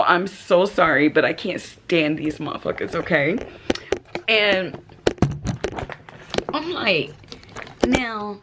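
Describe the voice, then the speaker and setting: A woman's voice: lowish voice, a little hiss or hum. A woman in her forties vlogging from home, telling a story with laughs and shrieks. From Texas. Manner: animated, laughing, reenacts with shrieks. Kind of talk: casual storytelling vlog. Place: at home in an apartment.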